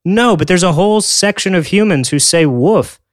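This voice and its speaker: A man's voice: sits high, animated, normal speed, dry recording, studio quality. A man co-hosting a podcast in casual chat, with wry, joking asides. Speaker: podcast co-host.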